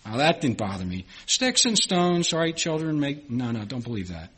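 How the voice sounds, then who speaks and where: A middle-aged man delivers a sermon in a slightly husky voice. He preaches earnestly, repeating key phrases and pushing them louder, with frequent restarts. His pitch sits in an ordinary middle range for a man. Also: very animated, moderate pace. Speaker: pastor.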